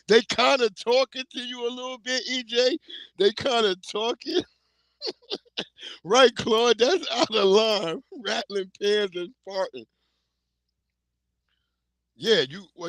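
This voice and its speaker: On a casual livestream, a middle-aged man with a high-pitched, slightly bright voice tells rambling funny stories full of profanity and frequent laughter. The recording is dry.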